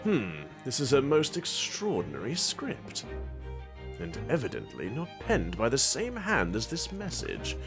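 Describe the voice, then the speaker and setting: A man voicing a pompous British gentleman detective in a put-on British accent, speaking grandly and theatrically. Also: medium pitch, wildly swooping pitch, a little slow, music in the background. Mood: musing.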